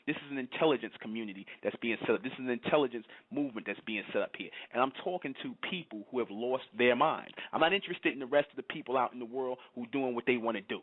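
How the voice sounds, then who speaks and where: A man's voice: mid-range voice, fast talker, hardly any pauses, no echo. Scolding man on tinny phone-like audio. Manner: scolding, rhetorical questions, repeats himself. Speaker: channel host. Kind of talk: scolding livestream monologue answering chat.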